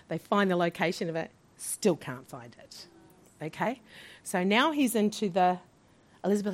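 A middle-aged woman giving a personal faith testimony as an interview guest, acting out each voice in her story and laughing often. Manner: animated, acts out each voice in her story with big swings in pitch and loudness; laughs often while telling.

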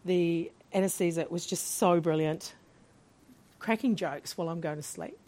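A middle-aged woman giving a personal faith testimony as an interview guest, acting out each voice in her story and laughing often. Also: moderate pace. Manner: animated, acts out each voice in her story with big swings in pitch and loudness; laughs often while telling.

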